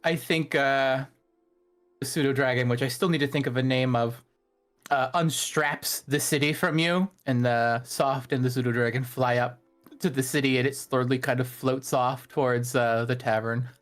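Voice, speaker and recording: A man's voice: mid-range voice, fairly even intonation, moderate pace, fairly bright tone. Brief: man player, mid voice, faint music behind. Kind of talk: describing a character's actions.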